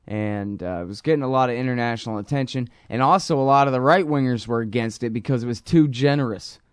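A man's voice: mid-range voice, fast, smooth, dry recording, studio quality. A man hosting a news commentary show, reading quotes and riffing casually with lots of fillers. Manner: casual, rambling, many fillers; reads quotes aloud.

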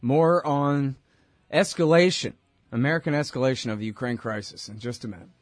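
Male radio host, mid-pitched, ranting with sarcasm, dry close sound. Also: a little fast, no echo. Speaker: radio talk show host. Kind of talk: talk radio interview.

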